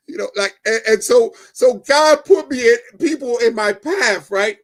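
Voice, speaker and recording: A middle-aged man giving a personal testimony as a guest, telling it in an animated way, acting out the dialogue and often checking in with "right?". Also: very high-pitched, unhurried. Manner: animated storyteller, keeps adding "right?"; acts out quoted dialogue.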